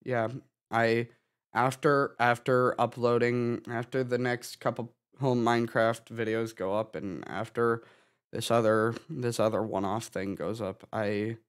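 A young man speaks slowly and haltingly, tearful after crying, often sighing and restarting his sentences. His voice sits in a middle pitch as he talks through a personal update for his channel. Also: level tone, clean tone. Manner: halting, with many restarts and sighs. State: tearful, having been crying. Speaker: gaming YouTuber.

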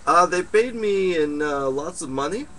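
A man playing a grandiose, deadpan male foreign psychic who speaks broken English and drops articles. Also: fairly high pitch, normal speed, slight background noise. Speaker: comedy performer. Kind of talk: improvised comedy skit.

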